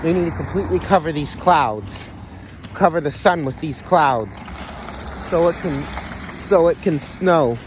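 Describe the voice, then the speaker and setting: A man with a somewhat high voice delivers a rambling, swear-filled monologue, circling back and restarting his sentences. He records himself outdoors on a phone, with faint traffic noise underneath. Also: animated, a little slow. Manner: rambling, profane, repetitive restarts. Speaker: vlogger. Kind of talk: conspiracy monologue.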